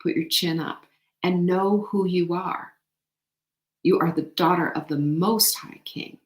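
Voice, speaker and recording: A woman's voice: fairly low pitch, a little slow. Emphatic woman, echoey room. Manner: animated, emphatic, faith-inspired encouragement. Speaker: show host. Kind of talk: motivational talk.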